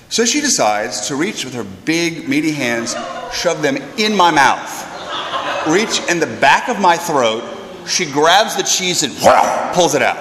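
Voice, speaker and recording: A man, a priest, telling a funny anecdote with animated, self-deprecating energy and stumbling repeats, in an echoey hall. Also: a little high, noisy background. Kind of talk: storytelling anecdote.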